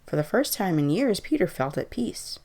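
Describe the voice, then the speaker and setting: Low-voiced woman reading a horror story. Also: sing-song, moderate pace, dark tone.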